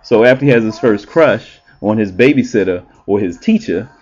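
A man who works as an entertainer and relationship show host, talking in a blunt, profane, animated monologue with frequent ums. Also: fairly low pitch, moderate pace, highs cut off, soft background music. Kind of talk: casual monologue.

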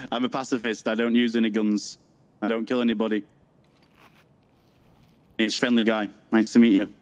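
Brief: man, mid pitch, chatty joking gamer. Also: steady tone, moderate pace, long pauses, a little mellow. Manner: chatty, laughs, joking friendly act. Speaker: player on in-game voice chat. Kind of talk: playful in-game banter.

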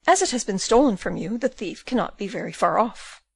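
A woman's voice: mid-range voice, lively intonation, fairly quick, creaky, husky, dry recording. A woman reading an audiobook, voicing a pompous, genteel middle-aged male burgomaster who talks down to people. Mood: assured. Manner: pompous, condescending.

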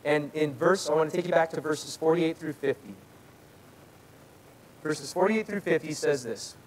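A man preaching a sermon in a church, talking conversationally and rising louder when he reads scripture. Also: fairly high pitch, moderate pace, a little hiss or hum, poor audio. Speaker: pastor. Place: church sanctuary.

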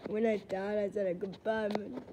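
A woman's voice: medium pitch, flat delivery, moderate pace, background noise. A woman giving silly, playful game commentary, giggling and repeating herself. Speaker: gaming channel host.

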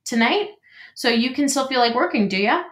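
A woman's voice: high-pitched, expressive, moderate pace, pitched above the performer's own voice. A woman voicing a friendly, talkative male beaver builder with a folksy manner, in an echoey room. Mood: chatty.

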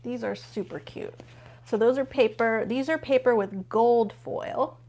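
She speaks a little high and a little slowly, her tone on the dark side. Hosting a laid-back live unboxing from home, she gushes over each find, flips pages, and chats with the people watching.

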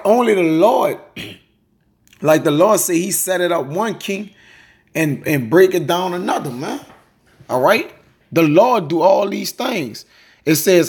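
A husky, slightly high-pitched man gives an informal Bible lesson. He reads scripture aloud and keeps dropping "man" and "all right" between phrases. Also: animated, unhurried. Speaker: Bible teacher.

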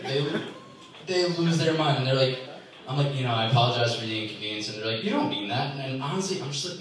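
A man's voice: brisk, background noise. Exasperated young man ranting on stage. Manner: lively, exasperated ranting with sudden pitch jumps. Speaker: stand-up comedian. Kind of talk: stand-up comedy set. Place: comedy club stage. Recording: echoey club from far off. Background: audience laughter.

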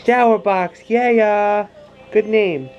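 A man's voice: sits high, takes it slowly, dull audio, noisy background. A young man chatting casually to viewers in a rambling home vlog. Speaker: family vlogger.

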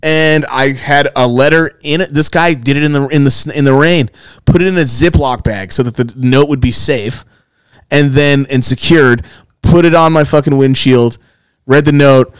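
A man co-hosting a casual podcast, telling animated, profanity-laced stories. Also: mid-range voice, normal speed, smooth, no echo. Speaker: podcast co-host.

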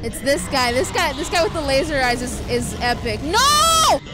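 A woman hosting a reaction video, excitable and quick to gasp and shout in surprise, with the soundtrack of the video she watches playing behind her. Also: high-pitched, over loud music.

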